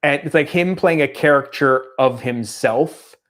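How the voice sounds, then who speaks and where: A middle-aged man co-hosting a podcast in casual chat, telling stories with lively tangents. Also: on the high side, moderate pace. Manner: animated storyteller, slips into mock accents. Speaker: podcast co-host.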